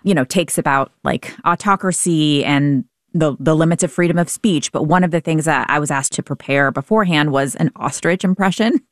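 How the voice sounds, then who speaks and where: A woman's voice: sits low, a little fast, hardly any pauses, no room sound, clean studio sound. A woman hosting an interview, talking casually with lots of "like" and frequent laughter. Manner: casual, many likes, laughs often. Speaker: interview host. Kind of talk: conversational interview.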